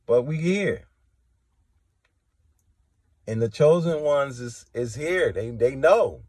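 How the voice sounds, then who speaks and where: A man delivers a fervent, preachy testimony straight at his listeners, confrontational throughout. His voice sits in a middle register and jumps between low, quiet stretches and loud, high outbursts. The sound is close and dry, with no room around it. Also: expressive, slow, no room sound. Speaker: religious testimony vlogger. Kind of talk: impassioned spoken testimony.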